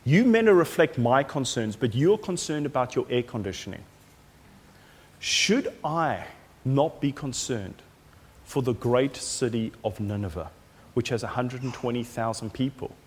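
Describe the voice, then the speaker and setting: Brief: man playing a reproachful, measured deity, roomy hall echo. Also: medium pitch, animated, husky. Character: patient, reproachful male deity. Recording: echoey hall.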